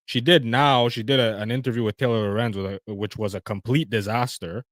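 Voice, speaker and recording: A man's voice: mid-range voice, steady tone, brisk, a bit bright, no room sound, studio quality. A man hosting a livestream, reacting to video clips in a mocking, slangy way and laughing often. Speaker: livestream host.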